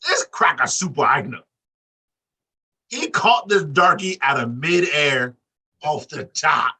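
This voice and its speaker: A man co-hosting a wrestling podcast, talking in loose, profane banter with big animated swings in his voice. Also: takes it slowly, long pauses, breathy edge. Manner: animated, profane, acts out quotes with big pitch jumps. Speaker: podcast co-host. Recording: distant mic.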